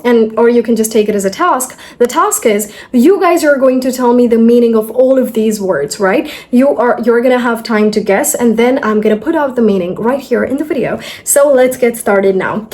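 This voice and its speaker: A young woman teaching pronunciation in a video lesson, talking straight to viewers and repeating words slowly, syllable by syllable. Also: on the high side, darkish tone.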